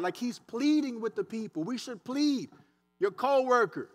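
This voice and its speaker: Man, high voice, animated conversational sermon, mains hum. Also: moderate pace. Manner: animated, conversational preaching with dialect and asides. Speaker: preacher. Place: church sanctuary.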